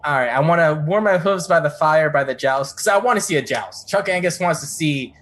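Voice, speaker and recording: A man playing a tabletop role-playing game, joking and thinking aloud quickly. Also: on the high side, a bit bright. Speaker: player. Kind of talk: casual tabletop game chat.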